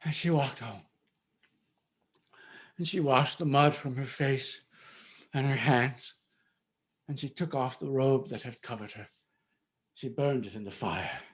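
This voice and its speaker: A man storyteller performing a folk tale with slow, rhythmic repetition, sometimes dropping to a whisper. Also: mid-range voice. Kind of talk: dramatic oral storytelling.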